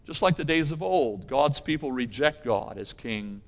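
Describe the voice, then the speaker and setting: A man preaching a sermon as pastor, emphatic, repeating key phrases and swinging between loud and hushed delivery. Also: mid-range voice, animated, normal speed, gravelly, few pauses, in a large hall.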